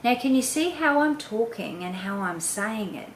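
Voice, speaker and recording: Expressive woman coaching parents, echoey room. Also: on the high side, moderate pace. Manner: expressive, demonstrative, varies her voice often. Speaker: host, reading coach for parents. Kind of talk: instructional talk to parents. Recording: echoey room with faint noise.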